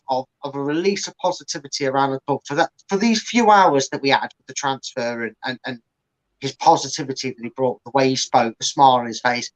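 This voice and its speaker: A man's voice: medium pitch, dull audio. Ranting male football fan co-host. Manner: ranting, acts out the manager and players in little put-on voices. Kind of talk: casual post-match chat.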